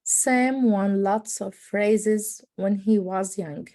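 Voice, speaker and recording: A woman practising pronunciation, slowly and carefully repeating words and sentences. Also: medium pitch, mellow, no room sound. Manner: slow, careful repeating and reading aloud. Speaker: language student.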